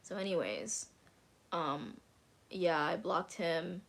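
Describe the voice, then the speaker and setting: A woman's voice: lowish voice, sing-song, slow pace, vocal fry. Young woman's candid, cussing storytime. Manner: candid, swears a lot, fillers of "like". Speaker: vlogger. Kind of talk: casual storytime chat.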